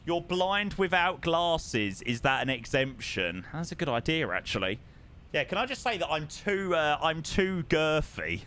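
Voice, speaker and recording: A young man with a bright, ringing tone and a lively, swooping delivery, pitched a touch high for a man. He chats casually with his viewers, reads their messages aloud and hums little tunes between thoughts. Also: measured pace. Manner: chatty, reads chat aloud and hums to himself. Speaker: flight sim streamer. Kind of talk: casual live-stream chat.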